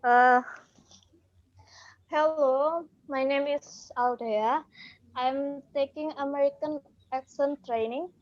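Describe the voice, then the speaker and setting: Woman student reading aloud, slow and halting, dull lo-fi audio. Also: high voice, steady tone.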